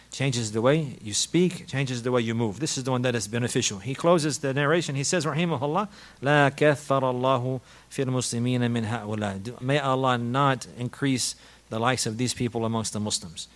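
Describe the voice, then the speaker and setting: A man giving an earnest religious lesson on a classical text, repeating his points for emphasis and moving quickly into quoted Arabic passages. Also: mid-range voice, fairly bright tone. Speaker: Islamic teacher.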